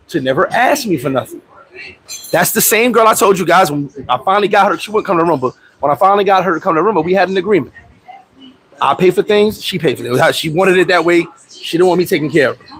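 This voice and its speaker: A man hosting a casual livestream, telling stories in a profane, animated way, with loud outbursts, and answering viewer comments. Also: high voice, poor audio. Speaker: livestream host.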